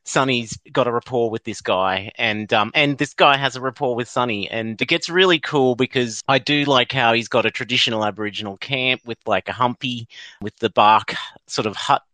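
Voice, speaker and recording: A man's voice: mid-range voice, normal speed, no echo. A man co-hosting a podcast, chatting casually and laughing as he acts out bits of dialogue. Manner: laughing, animated, acts out lines. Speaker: podcast co-host. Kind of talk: casual chat.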